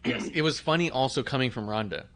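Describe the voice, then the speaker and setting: A man's voice: medium pitch, animated, fast talker, a bit bright. A man co-hosting a casual podcast chat, rambling and laughing often. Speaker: podcast co-host.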